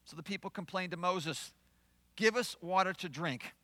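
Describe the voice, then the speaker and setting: A male pastor preaching a sermon, swinging from loud declarations to hushed asides and playing out the voices he quotes. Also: high-pitched, normal speed, no echo.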